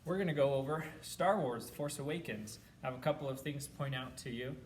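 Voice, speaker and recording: Band teacher counting rhythms aloud. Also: male voice, mid-range voice, fast talker, far from the mic, slight background noise, rough recording. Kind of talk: music lesson for students. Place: classroom.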